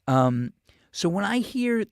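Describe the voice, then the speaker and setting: A man's voice: high-pitched, sing-song, slow pace, clear, resonant tone, no echo, studio quality. A male show host with a New York accent, rambling through a profane, casual monologue full of restarts.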